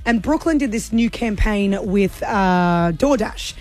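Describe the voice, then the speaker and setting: A woman's voice: mid-range voice, expressive, a little slow, a little mellow. An Australian woman co-hosting a casual radio chat, leading the segments in a chatty way. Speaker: co-host.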